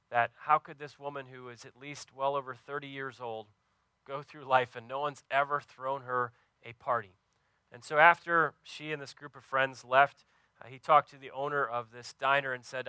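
A preacher with a bright, crisp voice, earnestly telling a story to his congregation and often pausing over fillers. His delivery is sincere and plain, recorded dry and close. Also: mid-range voice, fairly even intonation, dry recording. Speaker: pastor. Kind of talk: sermon.

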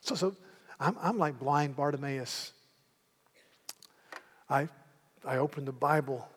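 A man's voice: mid-range voice, slow, long pauses, breathy edge, big-room sound. A man preaching a sermon as a pastor, emphatic and repeating words as he restarts.

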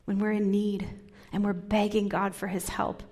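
A woman pastor giving a sermon, talking softly and dropping into whispers to stress her points. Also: mid-range voice, little pitch movement, normal speed. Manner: soft, drops into whispers for emphasis.

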